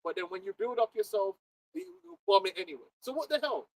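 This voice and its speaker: A man with a London accent, preaching and chatting in an animated group talk, often laughing and mimicking others. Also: sits high, fast talker, rough recording. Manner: animated, laughing, mocking voices. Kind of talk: casual group discussion.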